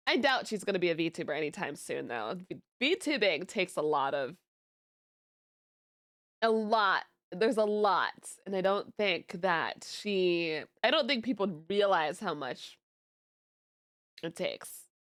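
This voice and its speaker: Speaking at a medium pitch, a young female VTuber chats casually on her stream. Giggly and animated as she tells stories, she still comes across as tired.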